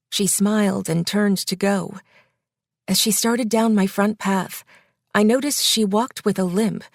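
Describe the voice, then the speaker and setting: A woman narrating a first-person audiobook in a measured, wry reading. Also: on the low side, vocal fry, dry recording, clean studio sound.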